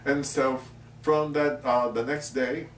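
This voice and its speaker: Older man telling lively showbiz stories. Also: mid-range voice, takes it slowly, a little hiss or hum. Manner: animated anecdote-telling, laughing as he tells. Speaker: interviewee, actor. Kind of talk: storytelling in an interview. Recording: echoey room, mic at a distance, faint ambience.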